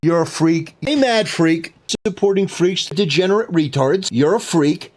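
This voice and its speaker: A man with a somewhat high voice rants through a string of online commentary clips. Every line is a short, contemptuous jab delivered with open scorn. The tone is clipped and dismissive throughout. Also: animated, a little slow, hardly any pauses, darkish tone. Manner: contemptuous, clipped name-calling. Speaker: YouTube commentator.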